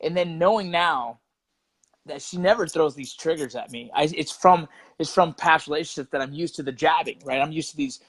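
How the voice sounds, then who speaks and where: Middle-aged male guest, relaxed and profane, filler-heavy talk, slightly higher pitch, dry close mic. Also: moderate pace, no echo, poor audio. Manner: laid-back, swears, says "you know" and "right" a lot, acts out quotes. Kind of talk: casual interview chat.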